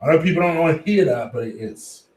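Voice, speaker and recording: A man hosting a casual fan live stream, reading chat, swearing freely and giving shout-outs to viewers. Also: fairly high pitch, lively intonation, fast, far from the mic. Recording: echoey room, voice off-mic at times.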